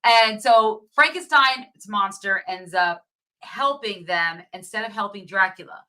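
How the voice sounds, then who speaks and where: A woman co-hosting a casual movie review chat, retelling the plot in a lively way and laughing often. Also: medium pitch, a little slow.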